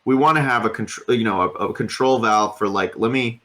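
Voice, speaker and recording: On a podcast he co-hosts, this man rambles casually, full of filler words and easy swearing. He has a mid-range voice that's slightly fast and a bit bright.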